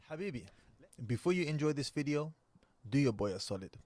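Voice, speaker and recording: A man hosting a commentary channel who lectures his audience at a measured pace. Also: on the high side, lively intonation, a little mellow. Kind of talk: commentary video monologue.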